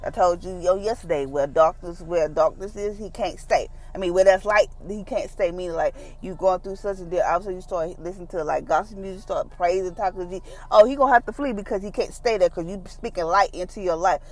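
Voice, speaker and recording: A woman hosting a devotional podcast, talking about faith in a relaxed, conversational, folksy way. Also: fairly low pitch, fast talker, hardly any pauses, poor audio. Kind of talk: casual devotional talk.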